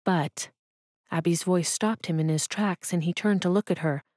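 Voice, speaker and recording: Calm woman narrating an audiobook. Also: fairly low pitch, fairly quick, no echo, clean studio sound. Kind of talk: scripted narration.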